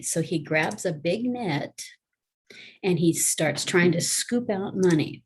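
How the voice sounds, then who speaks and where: A woman teaches a casual lesson from home. Her low, husky voice moves along in a chatty, folksy way, walking through each idea one step at a time. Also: lively intonation, slow pace. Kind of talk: casual classroom video lesson.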